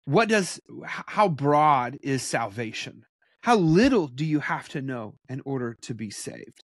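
A man teaching from the Bible in a casual preaching style, conversational and animated with blunt asides. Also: medium pitch, unhurried, no room sound, studio quality.

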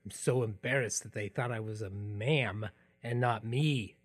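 A man's voice: on the low side, a little slow. Earnest man telling a personal story. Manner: reflective, earnest, softening into quiet asides. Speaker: podcast host.

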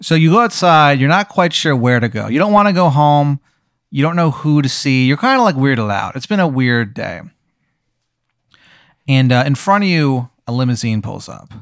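A man's voice: medium pitch, big pitch swings, normal speed, a bit bright, smooth, dry recording, studio quality. Casual, meandering male game master. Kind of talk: improvised narration of a role-playing game.

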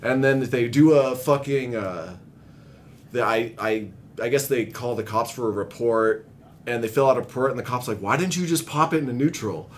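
A young man telling rambling, profane stories in casual chat, laughing often and growing animated as he retells them. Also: moderate pace. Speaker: guest telling recovery stories. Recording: faint low rumble.

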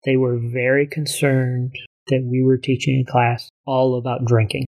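A male college instructor calmly explaining the course he co-teaches, in a measured conversational way. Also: medium pitch, gravelly. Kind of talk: casual conversation.

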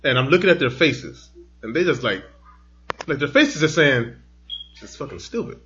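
A man's voice: medium pitch, expressive, normal speed, fairly bright tone, slight background noise. A man around forty in casual chat, telling stories animatedly and acting out his kids' lines. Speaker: podcast co-host. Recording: dull lo-fi sound.

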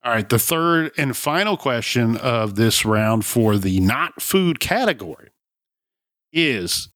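A man's voice: mid-range voice, expressive, slow pace, a bit bright, no room sound, studio quality. A man hosting a podcast game show, reading out case summaries and often breaking into laughter.

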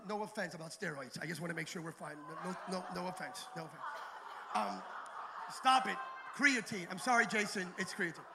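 A middle-aged man preaching a sermon. He tells stories with jokey asides to the crowd and rises to shouted calls. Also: high-pitched, creaky, slight background noise. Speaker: pastor. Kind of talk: live sermon with storytelling.

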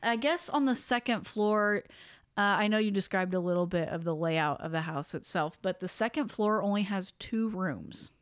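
A woman's voice: medium pitch, moderate pace, clean tone, no echo, studio quality. A woman hosting a podcast, chatting casually as she retells a ghost story, often laughing. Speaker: podcast host.

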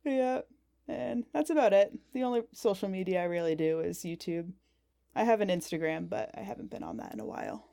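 A woman's voice: mid-range voice, lively intonation, fairly quick, creaky, dark tone, dry recording, studio quality. A woman from New Hampshire, a podcast guest, telling stories in a casual, chatty way that leans on fillers like "like" and "um.". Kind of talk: casual storytelling.

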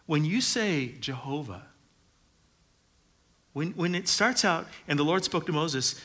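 A man's voice: on the high side, lively intonation, measured pace, sharp tone. A middle-aged man preaching a sermon as pastor, conversational with joking asides, building to emphatic declarations.

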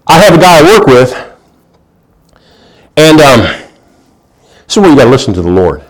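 A male pastor preaching a sermon in a folksy storytelling manner. He swings between loud emphasis and hushed asides and often restarts his sentences. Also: medium pitch, very animated, a little slow.

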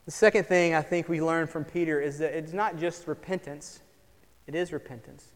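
A man preaching a sermon, earnest, moving between hushed, quiet passages and emphatic lines. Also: fairly high pitch, steady tone, moderate pace. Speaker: pastor. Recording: long hall reverb.

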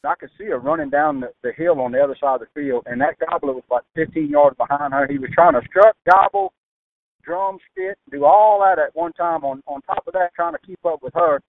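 A man from Louisiana with a Louisiana accent, a guest telling folksy hunting stories in an animated, drawling way. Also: fairly high pitch, brisk, vocal fry. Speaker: guest turkey hunter. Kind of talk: folksy storytelling. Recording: tinny phone-like sound.

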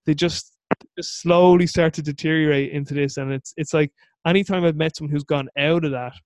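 A man hosting a podcast interview, talking in a rambling, animated way. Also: fairly high pitch, a little fast, no echo. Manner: rambling, animated, full of acted-out inner voices. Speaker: podcast host. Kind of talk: casual interview chat.

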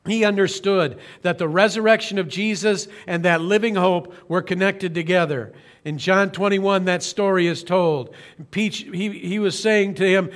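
Male pastor with a higher-pitched voice, earnest and slow-phrased sermon delivery, occasional self-corrections. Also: fairly even intonation. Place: church streaming service.

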